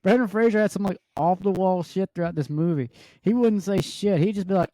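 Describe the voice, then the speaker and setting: A man co-hosting a casual movie review chat, excitable and acting out scenes with loud yelps. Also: high-pitched, fairly quick, no room sound. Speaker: podcast co-host.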